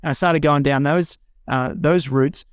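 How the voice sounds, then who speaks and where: An Australian man in his 40s tells his life story in conversation, frank and earnest, lifting into excited quotes of himself. His fairly high voice is unhurried and smooth, recorded studio-clean with no room sound in a home room with a bookshelf.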